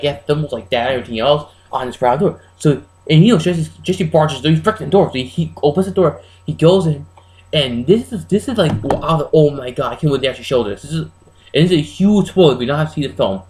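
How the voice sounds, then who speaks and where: A man giving a casual, rambling, spoiler-heavy recap of a horror film as a reviewer, excitable and full of restarts. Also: fairly high pitch, brisk, rough recording.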